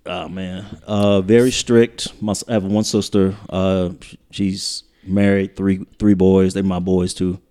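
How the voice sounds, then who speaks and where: A man's voice: low-pitched, level tone, unhurried, warm tone, clear, resonant tone. A man from the American South in a casual podcast chat, telling stories at an easy pace and trailing off with "uh" and "um". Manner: laid-back storytelling, trails off with uh and um. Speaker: guest.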